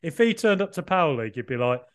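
A man's voice: on the high side, big pitch swings, quick pace. A young man from the UK co-hosting a podcast, teasing his co-host and laughing a lot. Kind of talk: casual chat.

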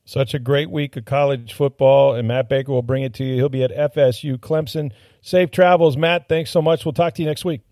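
A man's voice: mid-range voice, steady tone, fairly quick, darkish tone, dry recording, clean studio sound. A man hosting a sports podcast, talking casually and easygoing with filler words.

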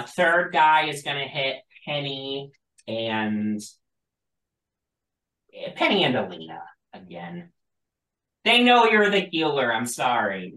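Slow-talking, easygoing game master, recorded in an echoey room. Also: medium pitch. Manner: relaxed, chatty, laughs often. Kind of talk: running a tabletop game.

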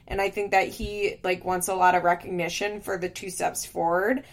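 A woman's voice: lowish voice, level tone, normal speed. A woman giving a frank, casual recap of a reality TV show, opinionated and swearing freely.

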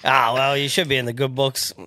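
A man's voice: medium pitch, level tone, brisk, background noise. An Australian man co-hosting a podcast with crude, joking banter. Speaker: podcast co-host. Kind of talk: casual chat.

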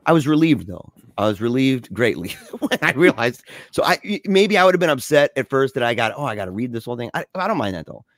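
A man's voice: medium pitch, very animated, fairly quick, few pauses, a bit bright, no echo. Guy telling a story on a podcast, laughs a lot, slangy, dry close sound. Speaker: podcast co-host. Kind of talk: casual chat.

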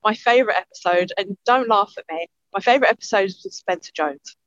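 An excitable woman with an East London accent chatting as a podcast co-host. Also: medium pitch, fairly quick, dry recording. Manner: excitable, gushing. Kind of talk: casual chat. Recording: dry, dull lo-fi sound.

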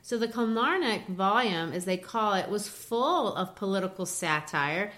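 A woman's voice: mid-range voice, expressive, measured pace, a bit bright. A woman co-hosting a casual educational chat, explaining poetry in a teacherly way with frequent restarts.

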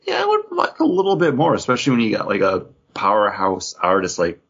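A man's voice: lowish voice, wildly swooping pitch, a little fast, vocal fry, fairly bright tone, husky, lo-fi sound. A man co-hosting a casual comics podcast, rambling with lots of fillers and joking asides. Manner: rambling, filler-heavy, jokey. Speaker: podcast co-host.

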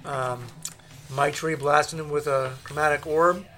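A man's voice: a little high, fairly even intonation, measured pace, bright, forceful tone, slight background noise. A man as dungeon master, running a tabletop game for his players in an easygoing way that keeps the game moving.

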